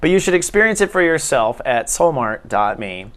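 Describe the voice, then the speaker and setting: A middle-aged man hosting his own spiritual video series, talking gently and reassuringly to camera in a casual way. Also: medium pitch, very animated, moderate pace. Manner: gentle, reassuring, repeats a soothing phrase. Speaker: spiritual vlog host. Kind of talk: casual spiritual vlog talk.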